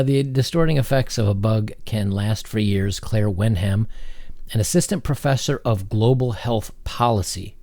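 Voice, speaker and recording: A man hosting a commentary video, reading an article aloud and mocking it sarcastically, with halting fillers. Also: medium pitch, creaky, warm tone, no echo. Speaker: commentary channel host.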